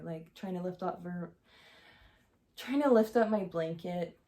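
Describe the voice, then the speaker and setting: A woman's voice: on the low side, a little slow, mellow. A young woman telling a personal story to camera in a casual, candid way, full of "like" and "um". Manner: chatty, heavy use of "like" and "um", candid. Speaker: vlogger.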